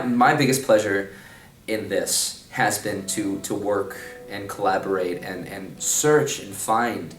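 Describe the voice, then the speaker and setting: A young man, a stage actor, reflecting on his character in an interview. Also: deep voice. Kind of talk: interview about a role. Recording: roomy, distant mic, faint noise.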